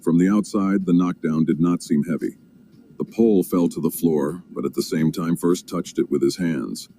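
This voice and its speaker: A man narrating a sports documentary in a steady, measured way. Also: deep voice, a little hiss or hum. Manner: steady, measured storytelling with occasional fillers.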